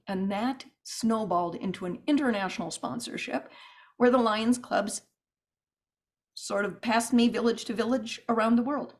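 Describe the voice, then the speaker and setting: A woman telling stories as a podcast guest, animated and rambling with restarts and asides. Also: on the high side. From United States. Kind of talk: podcast interview storytelling.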